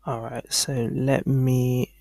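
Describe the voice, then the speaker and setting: A man walking through a screen-recorded software tutorial as an online course instructor, thinking aloud casually with frequent ums and restarts. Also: mid-range voice, flat delivery, takes it slowly, gravelly, no room sound, clean studio sound.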